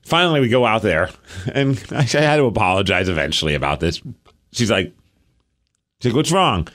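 A man co-hosting a podcast in casual chat, telling animated stories while complaining about a painful sore mouth. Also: mid-range voice, a little slow, long pauses. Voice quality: sore mouth from canker sores. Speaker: podcast co-host.

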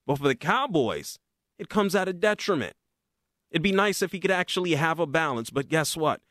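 A man hosts a sports opinion show, his voice sitting high and leaping all over the place as he rants sarcastically. The sound is dry and close, with no room around it. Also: normal speed, dry recording. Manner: animated, sarcastic ranting.

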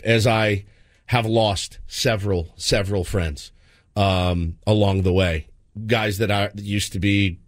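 A man's voice: lowish voice, dry recording, studio quality. A man in his forties, a radio sports host, talking on air in an earnest, emotional way with many restarts. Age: 40s. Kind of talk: heartfelt on-air talk. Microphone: studio microphone.

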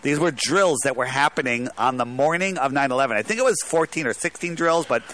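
Male caller, emphatic and rambling, tense bright timbre. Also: medium pitch, lively intonation, fairly quick, no echo. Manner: rambling, emphatic, restarts a lot. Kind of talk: casual talk radio call.

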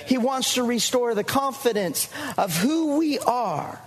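A man's voice: very high-pitched, expressive, unhurried. A male pastor preaching a fervent sermon to his church, repeating lines and calling out to the congregation. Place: church sanctuary. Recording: long church reverb.

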